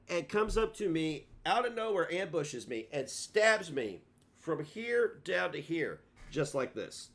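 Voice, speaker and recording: A man's voice: on the high side, sing-song, unhurried, fairly bright tone, a little hiss or hum. A man streaming, telling a rambling, profane and self-mocking story in a casual rant.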